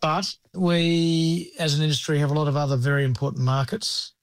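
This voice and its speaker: Deliberate Australian cattle producer, dry sound. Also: male voice, on the high side, flat delivery, no echo. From Queensland, Australia. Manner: considered, deliberate. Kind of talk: interview answers.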